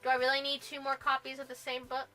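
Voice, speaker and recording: Bubbly, bright-voiced woman gushing over books. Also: high voice, completely flat delivery, quick pace, faint music behind, low-quality recording. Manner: bubbly and gushing, laughs often. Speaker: book vlogger. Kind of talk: casual book review vlog.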